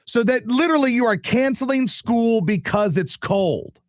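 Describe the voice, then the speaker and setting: A man's voice: very high voice, lively intonation, moderate pace, no room sound, studio quality. A male show host ranting casually, profane, exasperated and sarcastic. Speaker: radio and live-stream host.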